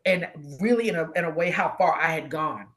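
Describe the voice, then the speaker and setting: A woman's voice: on the low side, a little fast, crowd noise. Emotional woman telling her story. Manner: emotional storytelling, acts out quoted voices. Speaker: guest co-host. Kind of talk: casual chat.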